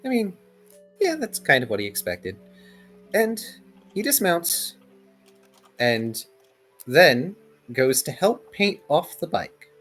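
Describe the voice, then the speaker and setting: A man voicing his character in a tabletop game, speaking gently and coaxingly to another player's character. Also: a little high, very animated, slow pace, pauses often, faint music behind. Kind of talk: in-character tabletop role-play.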